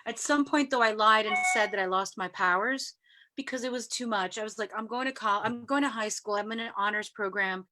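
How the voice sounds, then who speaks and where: A woman from New York City, a guest in an interview, who tells stories in a lively way and acts out the voices she quotes. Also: medium pitch, a little fast, background noise. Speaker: guest sharing spiritual experiences. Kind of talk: casual storytelling interview.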